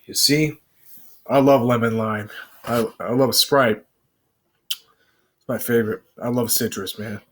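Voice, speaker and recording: A man's voice: mid-range voice, fairly even intonation, slow pace, pauses often, a bit bright. A young man from the US in a casual home vlog, chatting and rambling to viewers from his bedroom. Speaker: vlogger.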